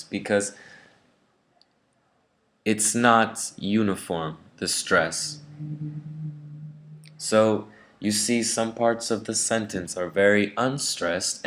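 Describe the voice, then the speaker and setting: A man with an American accent gives an English pronunciation video lesson. His voice sits very low, and he talks at a slow, steady pace. He demonstrates each word deliberately. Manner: careful, demonstrates words slowly. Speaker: English teacher.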